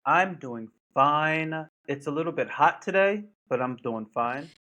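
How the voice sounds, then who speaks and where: A man's voice: a little high, lively intonation, measured pace, sharp tone, low-quality recording. A man from New Jersey co-hosting a podcast, chatting casually and telling stories with emphatic quoted asides. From New Jersey, United States. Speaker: podcast co-host. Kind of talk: casual chat.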